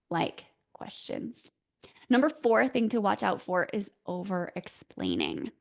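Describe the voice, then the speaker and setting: A woman speaks unhurriedly, giving advice in a solo talk as a voice coach. Her words carry a gravelly edge of vocal fry, and she teaches with clear, deliberate phrasing and lifts of emphasis. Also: mid-range voice. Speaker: host, voice coach.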